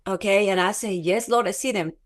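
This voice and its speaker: A woman guest telling a personal testimony in an interview, halting and repeating herself, acting out quoted dialogue as she goes. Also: mid-range voice. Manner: halting, repeats words, restarts often; animated retelling with quoted dialogue.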